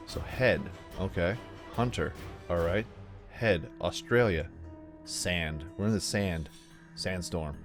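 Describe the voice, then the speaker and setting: Rambling low-voiced male gamer. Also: slow pace, music in the background. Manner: chatty, rambling, self-mocking. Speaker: gaming video host. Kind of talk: casual let's play commentary.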